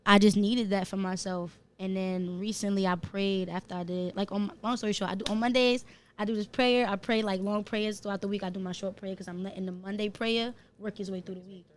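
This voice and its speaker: A woman with a New Jersey accent speaks as a podcast guest, pouring out a heartfelt story in loose slang. Her pitch sits in a middle range. A faint hum of noise runs under her voice. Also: fairly even intonation, a little fast. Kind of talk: casual podcast chat.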